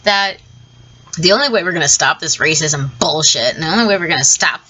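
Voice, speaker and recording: A woman's voice: deep voice, animated, brisk, bright, forceful tone, husky, poor audio. Blunt, foul-mouthed woman ranting. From southern United States. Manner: profane, blunt, ranting with frequent laughs. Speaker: vlogger. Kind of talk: opinion rant to camera.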